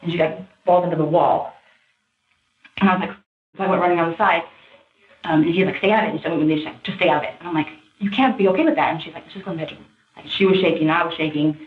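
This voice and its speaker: A woman in a police interview, animated, her speech pressured and rushed. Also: on the low side. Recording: tinny, echoey interview room audio.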